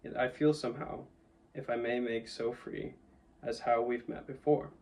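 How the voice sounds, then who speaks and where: A man voicing a humble, deferential male cabman of country stock who talks slowly and plainly, somewhat far from the mic. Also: mid-range voice, steady tone, darkish tone, close to an everyday voice.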